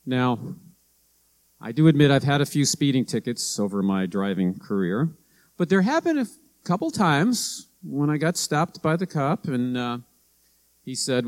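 Speaking at a normal speed with a sing-song lilt, a middle-aged pastor delivers his sermon at medium pitch. He keeps it conversational, telling stories and mimicking the people he quotes.

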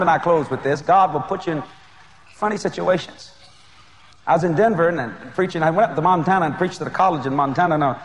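A middle-aged man from Louisiana, preaching a sermon as an animated storyteller who shouts and laughs. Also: a little high, slight background noise.

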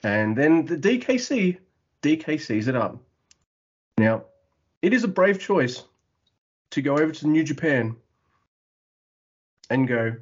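Husky, animated male podcast co-host; dull lo-fi recording. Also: fairly high pitch, slow, pauses often. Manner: animated, mimics wrestlers with loud yelps and laughs. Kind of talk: casual wrestling recap chat.

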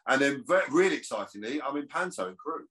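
A man's voice: medium pitch, lively intonation, quick pace, fairly bright tone. A man, an actor chatting as a podcast guest, rambling with restarts. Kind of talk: casual podcast chat.

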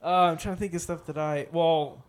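A man's voice: on the high side, fairly even intonation, fairly quick, clean tone. A young man co-hosting a podcast, making wry asides and trailing off with "anyways". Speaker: podcast co-host. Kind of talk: casual chat.

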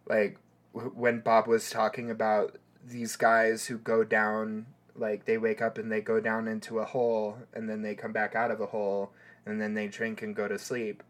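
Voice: mid-range voice, monotone. A podcast co-host in casual chat, rambling and filling gaps with "like" and "um". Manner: slow, rambling, heavy on "like" and "um".

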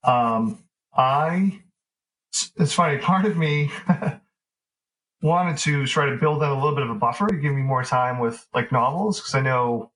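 A man talks casually with a mid-range voice, circling his points with plenty of fillers and self-corrections. He keeps a loose, easygoing conversational flow, pitched in an ordinary register. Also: unhurried, rough recording. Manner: relaxed, rambling, many fillers and restarts. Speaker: author guest.

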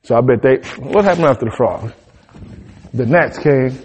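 A man preaching a sermon, retelling the story in a humorous, slangy, animated way. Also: medium pitch, normal speed. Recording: dull sound in a reverberant hall.

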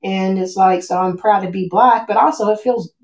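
A woman's voice: mid-range voice, fairly even intonation, normal speed, a little mellow. Woman chatting as a guest at home, lots of you know and like, roomy echo. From United States. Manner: reflective, many fillers like "you know" and "like". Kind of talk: casual conversation. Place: at home with a cat.

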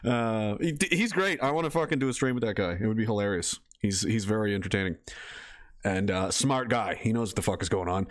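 A man's voice: lowish voice, fairly quick. A man chatting casually on a live stream, rambling, swearing freely and reading viewer messages aloud. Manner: rambling, profane, laughing, reads chat aloud.

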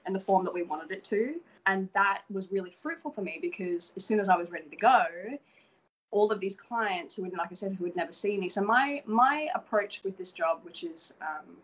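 A woman's voice: medium pitch, normal speed, husky, poor audio. An Australian woman in her thirties, a model, talking candidly and energetically as a podcast guest. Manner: energetic, candid, swears casually. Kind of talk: casual interview chat.

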